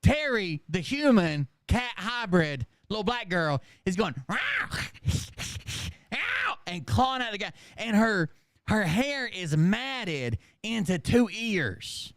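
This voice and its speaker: A man casually retelling a movie scene for laughs, animated and profane and cracking up as he goes. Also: sits high, slow pace, dry recording, studio quality. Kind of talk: casual comedic storytelling.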